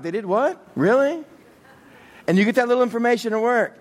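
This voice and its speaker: A man preaching a sermon, joking and acting out quick bits of everyday talk. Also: extremely high pitch. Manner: animated, joking, acts out little voices. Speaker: pastor.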